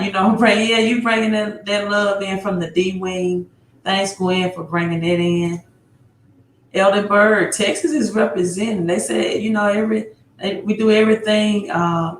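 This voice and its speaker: A woman hosting a live stream, greeting viewers one by one and often tagging her phrases with "right?". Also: mid-range voice. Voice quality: repeats place names, tags phrases with "right?". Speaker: livestream host. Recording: roomy echo.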